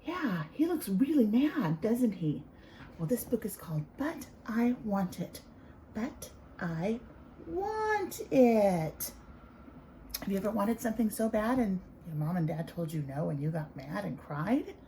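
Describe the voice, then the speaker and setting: A woman who teaches preschool, leading circle time with young children in a slow, encouraging singsong. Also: medium pitch, lively intonation, mellow, a little hiss or hum, low-quality recording.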